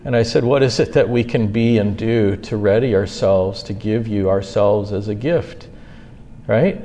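A man preaching a sermon as pastor, earnest, moving between soft asides and loud, high-pitched bursts. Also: unhurried, in a large hall, a little hiss or hum.

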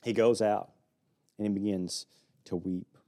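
Warm and steady, this man's fairly low voice moves at a measured pace. He preaches in a Southern Alabama accent, working through a Bible passage with folksy humor and little jokes.

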